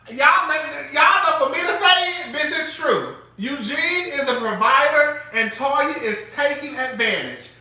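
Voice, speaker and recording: In a very echoey room and a little back from a distant mic, a host delivers casual live commentary on his chat show. He talks a little slowly in a very high, sharply bright voice, staying animated and profane and frequently laughing.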